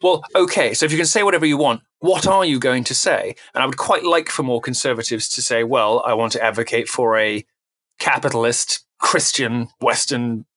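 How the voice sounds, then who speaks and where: A man speaking as a podcast guest, animated and emphatic, often restarting his sentences. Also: medium pitch, moderate pace, no echo. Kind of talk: podcast interview talk.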